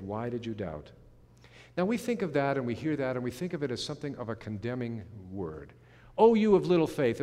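A middle-aged or older male pastor preaching a sermon in an earnest way, slowing down to stress key phrases. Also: mid-range voice, a little mellow. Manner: earnest, slows for emphasis, some restarts. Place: church sanctuary. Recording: long hall reverb.

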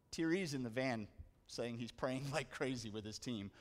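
A man preaching a sermon, telling a story with dramatic slowdowns and rising emphasis. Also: medium pitch. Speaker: pastor.

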